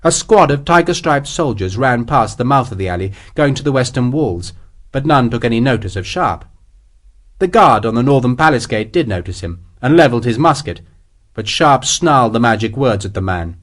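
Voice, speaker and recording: A man narrating an audiobook in a steady, measured way. His pitch moves in a lively way through the sentences. Scripted storytelling.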